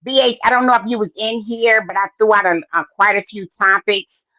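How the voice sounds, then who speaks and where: A woman's voice: mid-range voice, a little fast, sharp tone, dry recording. A woman hosting a podcast live stream in a casual, chatty way, full of fillers and greeting viewers by name. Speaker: podcast host. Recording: dry, dull lo-fi sound.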